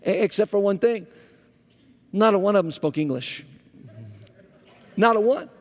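Male pastor, lively sermon storyteller, slightly high voice, long hall reverb. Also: a little slow. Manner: animated storytelling, volume rising and falling. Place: church sanctuary.

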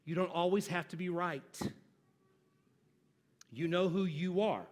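A pastor preaching a sermon, moving from loud emphatic lines to low hushed phrases, chatting with and joking with his congregation. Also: normal speed, pauses often. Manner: conversational, asks the congregation questions and jokes with them.

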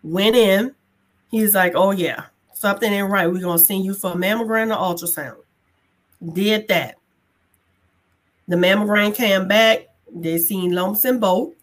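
A woman guest telling a personal story in a casual chat, colloquial and animated, acting out the dialogue and laughing as she goes. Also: mid-range voice, a little slow. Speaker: guest sharing a testimony.

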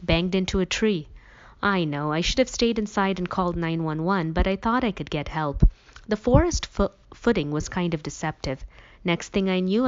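A woman's voice: on the low side, natural voice. A woman voicing an injured teenage boy with a sarcastic, self-mocking manner. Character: injured teenage boy, wry and dry-witted. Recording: dull lo-fi recording.

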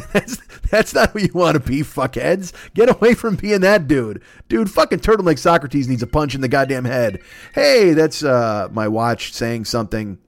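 A man's voice: fairly high pitch, very animated, normal speed, dry recording. A man hosting his own podcast alone, ranting profanely and rambling, often laughing at his own jokes. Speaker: podcast host. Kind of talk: solo comedic rant.

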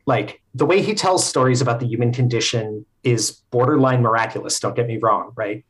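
A man speaking as a podcast guest, telling stories in a thoughtful, explanatory way with frequent filler pauses. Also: mid-range voice, a bit bright. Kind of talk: casual conversational storytelling.

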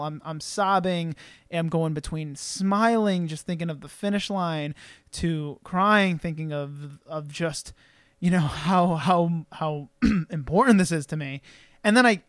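A man's voice: fairly high pitch, unhurried, smooth, no room sound, studio quality. A young man hosting a podcast, telling an emotional personal story in an earnest way, with many fillers and restarts. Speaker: podcast host.

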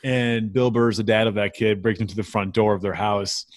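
A man's voice: lowish voice, steady tone, moderate pace. A man hosting a casual podcast chat about a movie, laughing often and working through his notes. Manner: laughs often, fillers and restarts. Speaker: podcast host.

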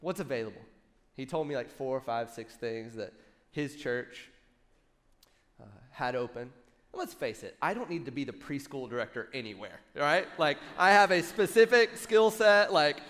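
A worship pastor in his thirties preaching a sermon, telling a personal story with lively asides to the congregation. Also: medium pitch, moderate pace, in a large hall. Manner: animated storytelling with audience asides.

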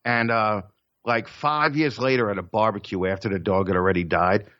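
A man's voice: lowish voice, fairly even intonation, normal speed, fairly bright tone, no room sound, dull audio. A man telling stories in casual chat, profane and rambling, with stammered restarts.

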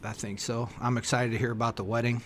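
A young man co-hosting a podcast in casual chat, laid-back and quick to swear. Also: medium pitch, level tone, a little hiss or hum. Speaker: podcast co-host.

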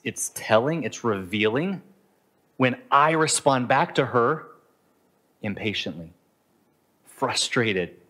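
A man's voice: mid-range voice, fairly bright tone. A middle-aged man preaching a sermon in an earnest, conversational way, now and then acting out the inner voices of his listeners. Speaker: pastor. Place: Southeast Asia.

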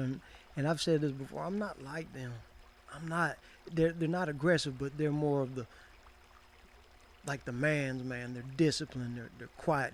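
A middle-aged man talks in a relaxed, folksy, rambling way, full of restarts and asides. His voice sits a little high for a man. He speaks as a commentator sharing personal views.

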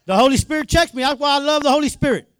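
High-voiced, excitable male minister. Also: very fast. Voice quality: excitable, repetitive and colloquial. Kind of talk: sermon.

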